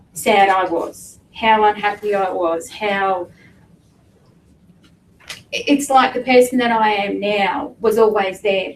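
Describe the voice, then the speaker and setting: A middle-aged woman giving an emotional personal testimony to an audience, halting and fighting back tears. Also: mid-range voice, slight background noise. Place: meeting room with an audience. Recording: echoey room from a distance with faint ambience.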